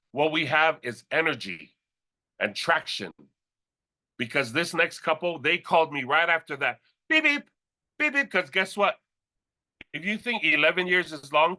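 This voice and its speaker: A man with a notably high-pitched voice delivers an energetic motivational speech from a stage. His tone is bright and forceful, and his delivery is animated and playful. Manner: animated, playful, breaks into sound effects and laughter. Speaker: company leader presenting new executives.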